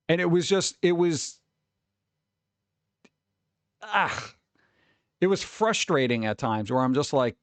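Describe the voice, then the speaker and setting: A man hosting a casual live stream, rambling and mocking things with sudden jumps up into a high voice. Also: big pitch swings, slow, long pauses, dry recording. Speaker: streamer host.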